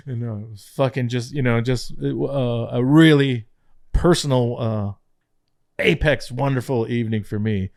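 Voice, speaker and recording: A man's voice: medium pitch, normal speed, darkish tone, no room sound, studio quality. A middle-aged man, a former head writer, telling a backstage story in casual podcast chat, swearing freely and acting out quotes.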